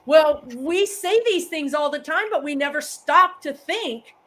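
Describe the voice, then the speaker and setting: High-voiced woman, psychic medium guest. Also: measured pace. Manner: explains with everyday examples, lively quoted phrases. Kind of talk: casual live chat.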